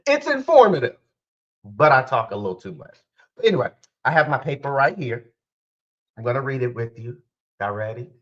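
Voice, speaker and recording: A man's voice: medium pitch, fairly quick, long pauses, fairly bright tone, highs cut off. A man hosting his own podcast in a casual, rambling way, talking straight to his listeners and often correcting himself. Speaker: podcast host and spiritual life coach. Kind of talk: casual solo podcast talk.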